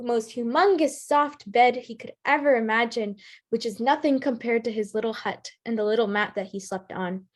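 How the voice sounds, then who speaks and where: A woman telling a story at a live storytelling performance, animated and lively, with small restarts. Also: fairly high pitch.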